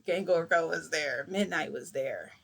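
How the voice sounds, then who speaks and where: Low-pitched, creaky and husky, this young woman's voice keeps a measured pace. The vlogger wanders through a long, changing story, performing what each person said with animation and a little mild swearing.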